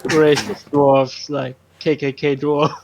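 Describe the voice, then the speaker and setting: A man's voice: fairly high pitch, little pitch movement, background noise. A man playing in a tabletop game, chatting casually and joking. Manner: joking, slow-spoken. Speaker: player. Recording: dull lo-fi audio.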